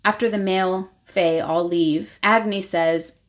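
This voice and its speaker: A woman's voice: fairly low pitch, fairly even intonation, measured pace. Chatty woman recapping a book. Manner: chatty, retells scenes loosely with many fillers. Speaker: book reviewer, channel host. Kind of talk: casual spoken book recap.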